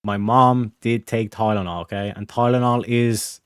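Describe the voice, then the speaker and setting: A man's voice: on the low side, fairly even intonation, moderate pace, clean tone, no room sound. Chatty young man livestreaming, dry sound. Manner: rambling, full of filler phrases and slang. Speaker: livestream host reading donations. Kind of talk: casual livestream chat.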